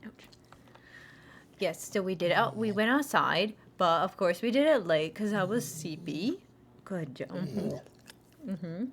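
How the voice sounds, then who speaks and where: A woman's voice: on the low side, expressive, takes it slowly, pauses often, slight background noise. A young woman streaming and chatting casually, rambling with many restarts and little giggles. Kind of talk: casual chat.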